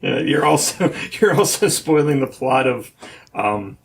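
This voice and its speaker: A man's voice: fairly high pitch, lively intonation, measured pace, vocal fry. A man co-hosting a podcast in casual chat, rambling and hedging as he thinks aloud, with many restarts. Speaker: podcast co-host.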